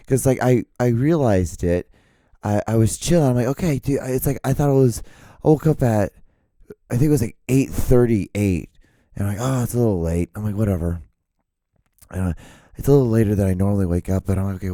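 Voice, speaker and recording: A man hosting his own podcast in a loose, joking ramble, hoarse and gravelly as if he has lost his voice. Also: fairly low pitch, dark tone, no room sound, studio quality. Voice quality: gravelly, smoker-like. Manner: loose, joking, swears freely. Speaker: podcast host.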